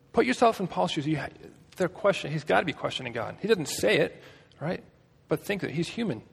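A man's voice: on the high side, lively intonation, fast, gravelly, breathy edge, long reverb tail. A man preaching a casual, storytelling sermon with a conversational manner and joking asides.

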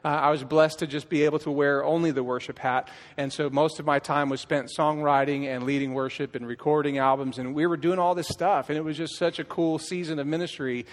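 A man's voice: on the high side, steady tone, a little fast, few pauses. A middle-aged man, a worship leader, giving a personal testimony from a church stage, telling it as a story with acted-out dialogue and frequent restarts. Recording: long church hall reverb.

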